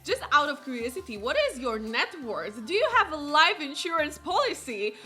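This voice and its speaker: A woman's voice: high voice, sing-song, moderate pace, bright, forceful tone, soft background music. A woman streaming a life-sim game live, chatting and giggling with her viewers. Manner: giggly, chats with viewers between lines.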